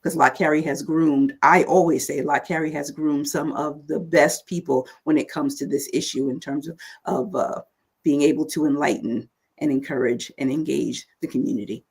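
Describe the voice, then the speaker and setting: A woman's voice: sits low, fairly even intonation, moderate pace, darkish tone, breathy edge. A woman guest speaking earnestly and encouragingly in a church-minded conversation. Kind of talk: casual chat.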